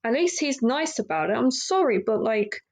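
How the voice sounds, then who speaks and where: A young woman talks through a solo podcast in a loose, candid way. Her voice sits a little high, and she rambles, restarts and leans on fillers as she goes. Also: big pitch swings, moderate pace, a little mellow, low-quality recording. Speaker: podcast host. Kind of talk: casual solo podcast monologue.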